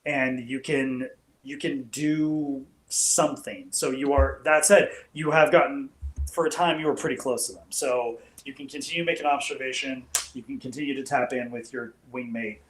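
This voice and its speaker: A man in the game master's seat, calmly explaining rules and describing the scene. He speaks at a middle pitch, with plenty of ums and restarts. His voice carries a roomy echo. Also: slight background noise. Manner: relaxed, halting, many fillers and restarts. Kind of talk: narrating a tabletop game.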